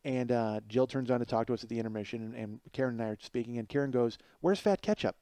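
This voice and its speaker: A man in his forties hosting his own podcast, telling a rambling comic story that climbs higher and louder as he gets worked up. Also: flat delivery, rapid-fire, dry recording. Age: 40s. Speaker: podcast host. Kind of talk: casual comedic monologue.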